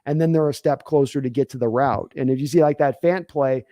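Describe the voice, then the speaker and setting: A man hosting a sports stream show in casual talk, animated and quick to restart and repeat his words. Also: mid-range voice, no echo, clean studio sound.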